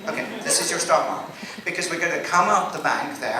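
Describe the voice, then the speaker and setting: A man with a fairly high voice hosts a playful stage Q&A, theatrical and teasing with the crowd. He sounds distant from the mic. A big echoey convention hall and steady background noise surround him. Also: a little fast, few pauses. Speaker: guest actor at convention panel. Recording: echoey hall from far off, noisy.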